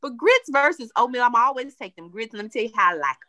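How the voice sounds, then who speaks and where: A woman co-hosting a podcast in casual chat, telling stories with playful, animated delivery. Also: fairly high pitch, fast talker, no room sound. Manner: animated, playful storytelling with frequent laughter. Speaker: podcast co-host.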